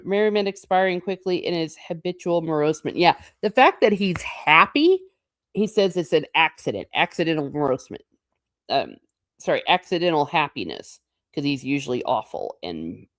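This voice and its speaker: A woman's voice: on the low side, big pitch swings, moderate pace, dry recording, clean studio sound. A woman reading a novel aloud and breaking off for casual, chatty comments, laughing often as she reacts to the text. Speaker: book channel host.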